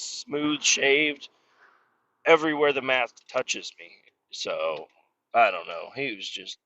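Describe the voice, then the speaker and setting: Exasperated, cursing man, podcast host talking alone while driving; forceful tone, muffled lo-fi in-car sound. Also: a little high, a little hiss or hum. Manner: profane, exasperated griping. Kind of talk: casual solo rant.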